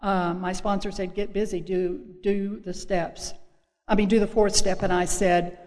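A woman sharing her personal recovery story at a meeting, speaking earnestly and haltingly, with many fillers and restarts. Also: mid-range voice, little pitch movement, darkish tone. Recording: long echo of a hall.

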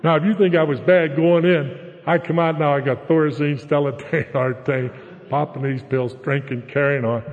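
A man's voice: a little high, fairly even intonation, normal speed. Older man from Pittsburgh area, blunt recovery-meeting speaker, keeps asking "okay?"; echoey hall, dull lo-fi. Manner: blunt, plain-spoken, tags lines with "okay?". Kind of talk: personal recovery testimony.

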